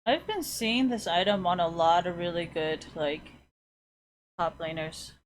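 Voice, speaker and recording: A woman's voice: on the low side, measured pace, a little hiss or hum. A woman streamer chatting casually with her viewers while playing a video game, teasing, laughing and swearing bluntly.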